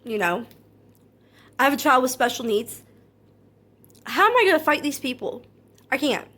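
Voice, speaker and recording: A woman content creator talking straight to her viewers in a personal monologue, earnest and hurt, calm but anxious, often repeating herself. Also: high-pitched. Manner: calm and measured, not loud.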